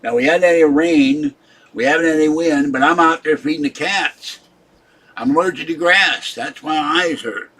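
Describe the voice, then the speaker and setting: A man's voice: fairly high pitch, moderate pace, a bit bright, husky. An older man hosting a live stream, rambling and scolding his chat viewers in an irritable, complaining way. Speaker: livestream host.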